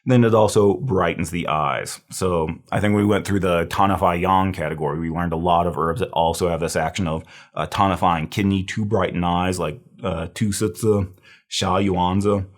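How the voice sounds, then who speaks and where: A man's voice: low voice, fairly even intonation, moderate pace. A man lecturing on herbal medicine in a casual, thinking-aloud way, with fillers and restarts. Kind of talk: recorded review lecture.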